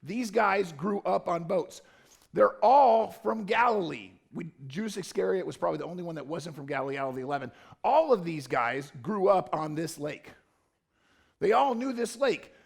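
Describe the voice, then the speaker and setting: A male pastor with a fairly high, gravelly voice and a husky edge, preaching in a loose, conversational way. He jokes and drifts into informal asides as he retells the story. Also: animated, normal speed. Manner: informal, joking, rambling asides. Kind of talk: casual conversational sermon. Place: church.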